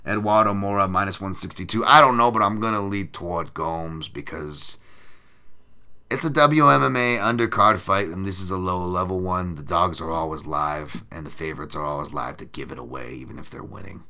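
A man's voice: deep voice, a little fast, sharp tone. A man hosting a podcast, giving betting picks in loose, profane, sarcastic banter and reading out the chat. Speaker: podcast host making fight picks. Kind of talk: casual profane livestream chat.

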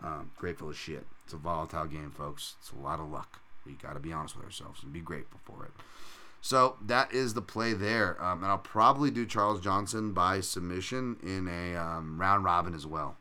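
A man's voice: low voice, steady tone, a little fast, pushed and bright. A man hosting a fight betting podcast in casual, profane, rambling chat with self-mocking jokes.

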